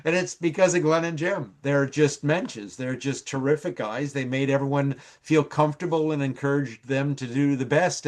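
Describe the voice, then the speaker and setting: An older man, a TV writer, telling rambling stories on a live stream, full of fillers and acted-out quotes. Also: mid-range voice. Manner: rambling storyteller with many fillers, acts out quoted voices. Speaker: TV writer and producer guest. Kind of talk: casual anecdote telling. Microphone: live stream call.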